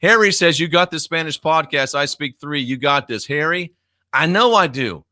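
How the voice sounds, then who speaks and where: A man's voice: on the high side, lively intonation, moderate pace, pushed and bright, no room sound, clean studio sound. A man in his fifties hosting a live stream, reading viewer comments aloud in a blunt, profane, casual way and laughing often. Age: 50s.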